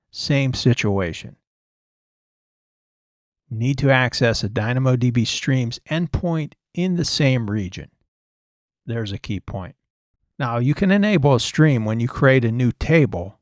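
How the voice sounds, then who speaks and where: A male course instructor giving a recorded technical lecture in a steady, explanatory way and stressing key points again and again. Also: medium pitch, no echo, studio quality.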